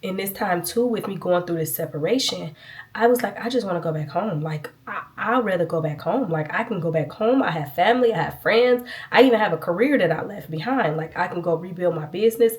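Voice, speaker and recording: Low-voiced woman, earnest and chatty. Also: lively intonation, brisk. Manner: earnest, chatty, addresses viewers as y'all. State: sniffling, itchy nose. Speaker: vlogger. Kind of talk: casual testimony vlog.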